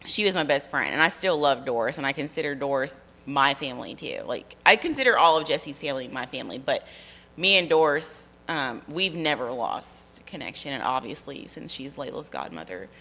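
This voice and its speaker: A woman's voice: a bass voice, animated, normal speed, pushed and bright. A woman in her thirties in casual conversation, telling rambling stories with lots of fillers and laughter. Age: 30s. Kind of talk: casual chat.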